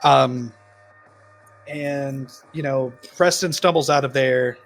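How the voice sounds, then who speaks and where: A man's voice: mid-range voice, slow pace, vocal fry, fairly bright tone, soft background music. A man co-hosting a podcast, casually retelling a horror film plot with lots of ums and laughs. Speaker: podcast co-host. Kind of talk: casual film-review chat.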